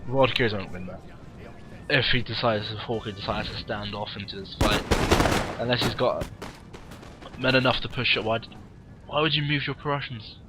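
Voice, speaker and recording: A man with a cold, casually commentating a game replay in a warm room at home with wry, rambling asides. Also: medium pitch, normal speed, pauses often, very noisy. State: has a cold, sniffly.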